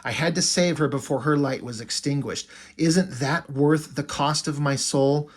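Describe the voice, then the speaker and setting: A man voicing a weary, tormented male hero warrior, speaking a quiet, brooding inner monologue in a husky voice. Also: on the high side, a little slow.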